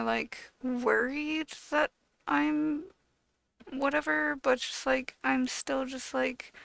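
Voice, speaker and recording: High, heavily gravelly young woman vlogger. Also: a bit bright, no echo. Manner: frustrated, profane, blunt venting; swings between mumbling and raised voice. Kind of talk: casual to-camera rant.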